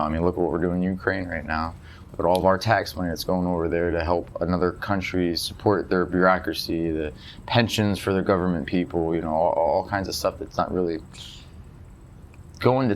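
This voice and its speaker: A man's voice: sits low, slight background noise. A man co-hosting a talk show, speaking bluntly and with strong opinions. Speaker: podcast co-host. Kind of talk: casual political chat.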